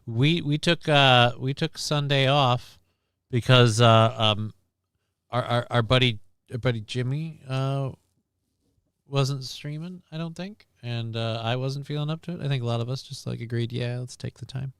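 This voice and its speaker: A man's voice: mid-range voice, a little slow, fairly bright tone, clear, resonant tone, no room sound, clean studio sound. A man hosting a casual livestream chat, rambling and often repeating and restarting his words. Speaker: streamer host.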